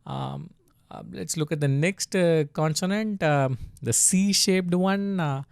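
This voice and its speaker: A man's voice: on the high side, slow pace, vocal fry, clean tone, no echo. A man teaching a casual tutorial, patiently sounding out syllables and checking in with "right?" after each step. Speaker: language teacher.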